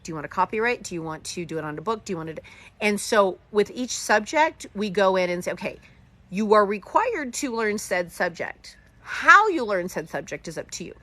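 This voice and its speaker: Middle-aged woman doing a live chat, bright punchy voice, dry close sound, acts out convos. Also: medium pitch, no room sound. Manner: animated, talks in quick bursts and acts out dialogue. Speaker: host of a live homeschooling session. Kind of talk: live-stream chat answering viewer comments.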